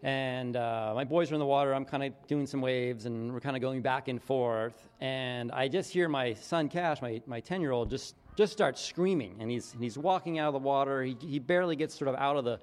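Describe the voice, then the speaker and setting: A middle-aged man preaching as a pastor, telling a story in a casual, animated way with quoted voices. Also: medium pitch, moderate pace, few pauses, in a large hall. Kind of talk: conversational sermon storytelling.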